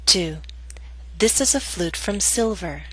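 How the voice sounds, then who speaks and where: A woman teaching English pronunciation, reading scripted instructions and slow model sentences for learners to repeat. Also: medium pitch, animated, bright, forceful tone, breathy edge, poor audio.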